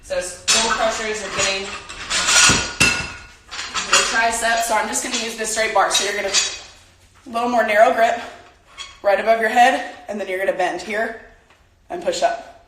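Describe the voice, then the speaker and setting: A woman's voice: medium pitch, steady tone, moderate pace, long pauses, very noisy. A young woman leading a casual home workout, chatty and out of breath as she exercises while talking. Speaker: workout instructor. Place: home room. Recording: very echoey room, from a distance.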